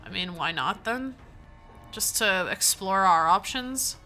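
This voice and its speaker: A woman's voice: mid-range voice, expressive, slow, pushed and bright, soft background music. A woman giving casual, rambling commentary while playing a video game, thinking aloud and reading out item names, sleepy and yawning. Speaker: gaming let's play host.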